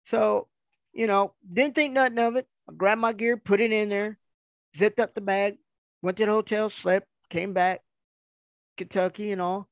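A man telling a rambling, animated story in casual conversation, acting out the dialogue as he goes. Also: sits high, normal speed, creaky, dry recording, highs cut off. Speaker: guest storyteller.

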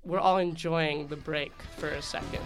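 A podcast guest telling a casual story in a halting way, full of fillers. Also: mid-range voice, steady tone, over music. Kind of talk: casual anecdote.

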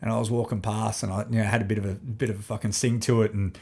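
A man's voice: fairly low pitch, quick pace, breathy edge. A younger Australian man, a podcast guest, telling stories in casual chat with plenty of swearing. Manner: swearing, storytelling, animated.

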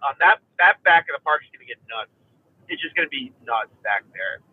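A man's voice: medium pitch, expressive, fairly quick, husky, no echo. A man speaking as a guest in a casual podcast chat, rambling with lots of fillers and hiccuping. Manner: rambling, many fillers and restarts. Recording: dry, tinny phone-like line.

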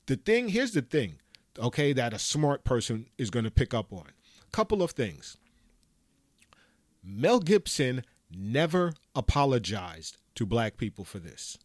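A man's voice: medium pitch, sing-song, unhurried, no room sound, clean studio sound. A man giving an impassioned, profane solo commentary, talking emphatically and ranting. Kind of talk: impassioned monologue.

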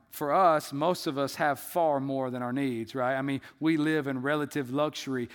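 A man preaching a sermon as the pastor, in a conversational, animated storytelling way. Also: fairly high pitch, big-room sound.

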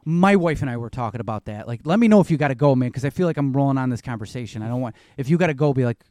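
A man's voice: mid-range voice, animated, rapid-fire, dark tone, no room sound, clean studio sound. A man telling loose, rambling stories in casual chat, swearing now and then.

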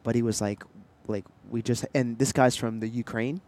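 Animated young man telling stories. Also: medium pitch, normal speed, a little hiss or hum. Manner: animated storyteller, tries silly accents. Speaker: podcast co-host. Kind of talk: casual chat.

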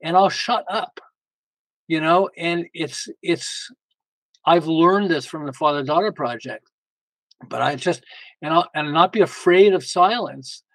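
A man's voice: fairly high pitch, unhurried, no echo, low-quality recording. An older man, a podcast guest, telling casual family stories and acting out bits of dialogue with a chuckle. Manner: animated, acts out family dialogue, chuckles often. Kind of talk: casual interview storytelling.

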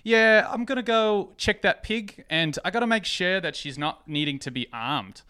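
A man's voice: high-pitched, animated, moderate pace, sharp tone, smooth, pitched above the performer's own voice. A man doing a joking New Zealand farm woman. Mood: casual. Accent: put-on New Zealand. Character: tall joking female New Zealand farmhand.

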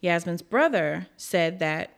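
A woman's voice: fairly low pitch, animated, slow, gravelly. A woman hosting a casual true crime podcast, telling the case bluntly with frank, profane asides.

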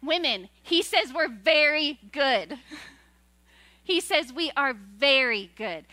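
A woman in her thirties preaches from a church stage in a bright, high voice, animated and chatty. She breaks into laughing asides and puts on voices for the people she quotes. The sound is close and dry. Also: takes it slowly, no room sound. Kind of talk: sermon.

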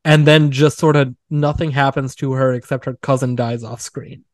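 A man's voice: medium pitch, steady tone, normal speed, dry recording, clean studio sound. A man hosting a casual film podcast, chatty and wry, full of "like"s and mocking quoted line readings. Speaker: podcast host.

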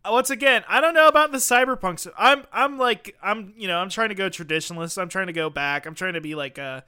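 A man's voice: high-pitched, fast, bright, forceful tone, smooth. A man hosting a casual comedy podcast, rambling through absurd bits and laughing often. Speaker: podcast host.

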